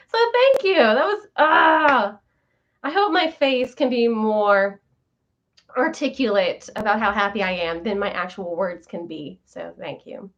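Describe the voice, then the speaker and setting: A bubbly, giggly woman with a high, bouncy voice that leaps all over the place, chatting warmly with her viewers. She sounds like she is on a casual live stream. The audio is a little dull and muffled. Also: expressive, a little slow. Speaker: vlogger host.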